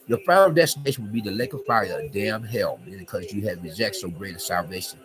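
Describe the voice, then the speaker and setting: A man's voice: lowish voice, lively intonation, a little fast, few pauses, a bit bright, faint music behind, rough recording. A man hosting his own channel, delivering a rambling, wordy sermon that circles back and repeats itself. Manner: wordy, digressive, repeats himself. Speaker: channel host. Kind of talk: rambling preaching vlog.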